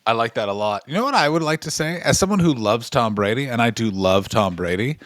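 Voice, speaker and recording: A man's voice: mid-range voice, brisk, no room sound. A man co-hosting a comedy podcast, telling stories in casual chat, sarcastic and profane. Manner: animated storyteller, profane, sarcastic.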